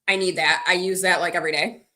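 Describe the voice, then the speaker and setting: A woman's voice: lowish voice, steady tone, quick pace, pushed and bright. A woman livestreaming to her viewers, chatting casually and rambling between stories and replies to comments. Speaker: livestreaming vlogger. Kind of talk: casual live-stream chat.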